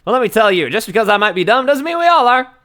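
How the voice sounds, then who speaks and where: A man's voice: a little high, sing-song, a little fast, sharp tone. A man voicing a brash, tough Southern woman photographer in a game, with a drawling Southern US accent and a hollering folksy manner. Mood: scolding. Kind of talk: reading game dialogue aloud.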